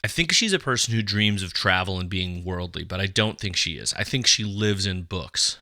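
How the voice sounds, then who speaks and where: A man co-hosting a podcast in casual chat, animated and rambling with lots of fillers. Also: low voice, moderate pace, no echo, studio quality. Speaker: podcast co-host.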